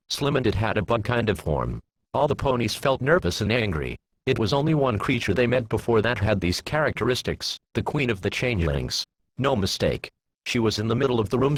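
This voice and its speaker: A man narrating a fan fiction story in a plain, steady reading voice. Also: lowish voice, slightly rough.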